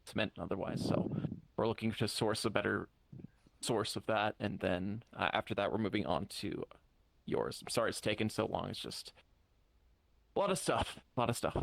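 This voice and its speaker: A man's voice: fairly low pitch, normal speed, creaky, a little hiss or hum, poor audio. A man in casual in-character roleplay over voice chat, hesitant and polite, full of fillers and apologies. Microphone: voice chat mic.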